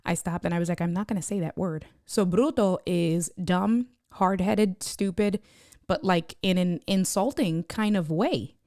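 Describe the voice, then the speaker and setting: A woman chatting on her live stream, telling a lively story, laughing often and reading viewer comments aloud. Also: fairly low pitch, unhurried, dry recording, clean studio sound. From United States. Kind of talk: casual live-stream chat.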